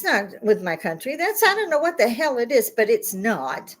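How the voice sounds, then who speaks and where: Her pitch is fairly high and she's very animated, speaking at normal speed with few pauses over poor audio. An older woman and self-described YouTube grandma, she bluntly scolds listeners in an angry political rant of mounting indignation.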